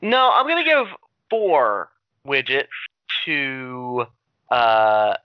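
A man's voice: mid-range voice, sing-song, extremely slow, dry recording, lo-fi sound. A man chatting casually on a group podcast, jokey and drawn out, with many fillers. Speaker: podcast co-host.

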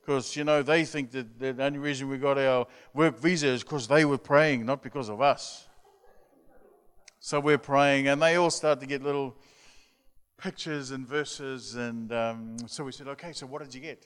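A man's voice: mid-range voice, moderate pace, a bit bright, clear, resonant tone. A man preaching as a youth mission leader, telling an anecdote in a chatty way and acting out voices. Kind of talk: storytelling sermon. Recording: long hall reverb.

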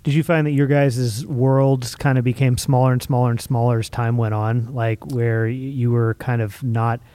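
Male interviewer, thoughtful and probing, warm low tone, dry studio sound. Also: flat delivery, normal speed, dry recording. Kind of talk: interview questions.

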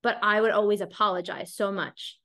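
A woman hosting a casual podcast conversation. She talks openly and chattily, with "like" scattered through her sentences, in an average-pitched voice. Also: fairly even intonation, a little fast, pushed and bright. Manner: chatty, candid, heavy use of "like". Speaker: podcast host.

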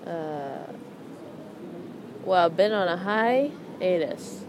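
A young woman hosts her podcast from a park bench, drifting between self-mocking puns and loose asides. Her voice sits a little low and she takes her time. Steady park noise fills the background. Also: a little slow. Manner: rambling, self-mocking puns, laughs at own jokes. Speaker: podcast host. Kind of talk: casual monologue. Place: outdoors in a city park.

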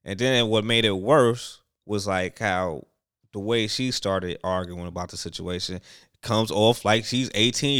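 Smooth-voiced young man rambling casually. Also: on the low side, dry recording, clean studio sound. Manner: rambling, animated, lots of fillers and restarts. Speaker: podcast co-host. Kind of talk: casual chat.

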